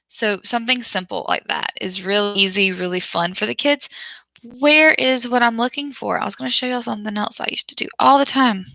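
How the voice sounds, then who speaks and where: A woman's voice: on the high side, sharp tone, no room sound, low-quality recording. A woman who teaches online, chatting casually with viewers and often laughing or trailing off as she hunts around her screen. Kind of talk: casual livestream chat with viewers.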